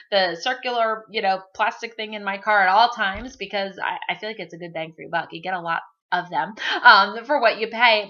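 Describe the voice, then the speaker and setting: A woman's voice: fairly high pitch, bright, forceful tone. A woman from the United States giving an upbeat, chatty motivational talk to her sales team, emphatic and full of fillers. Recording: dull lo-fi recording.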